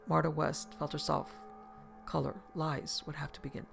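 A storybook narration read in a measured, steady way. The voice is heavily gravelly and full of fry, at an ordinary middle pitch. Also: soft background music. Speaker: audiobook narrator. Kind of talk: scripted narration of a novel.

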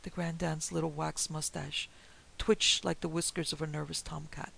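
A man reading a story aloud as an audiobook narrator, in a measured, deliberate way. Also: a little high, flat delivery, creaky, bright, forceful tone, a little hiss or hum, rough recording. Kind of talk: scripted narration.

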